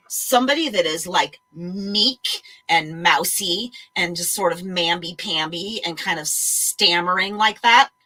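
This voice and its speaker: A woman telling a story in a blunt, animated way and swearing freely. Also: mid-range voice, low-quality recording. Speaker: vlogger. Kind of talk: casual chat, ranting story.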